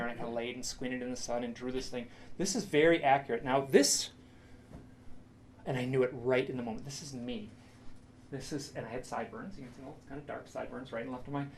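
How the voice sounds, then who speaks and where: A middle-aged man speaks in a lecture room, recounting a personal experience in a storyteller's way. His voice is mid-pitched with a gravelly, fry-tinged texture, and he often stops, restarts and repeats phrases. A faint noise sits behind the recording. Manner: halting, repeats himself, dramatic quoted asides.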